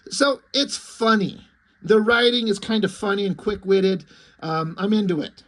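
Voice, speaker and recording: A man with a fairly high voice chats his way through a comic, amused and easygoing. His talk is loose and full of fillers, like a casual review. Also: unhurried. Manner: relaxed, amused, many fillers. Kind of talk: casual review, reading aloud.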